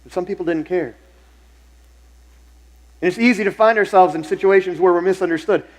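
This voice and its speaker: Pastor, man, middle-aged, fairly high voice, conversational sermon with repeated phrases for emphasis. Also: brisk, low-quality recording. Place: church sanctuary.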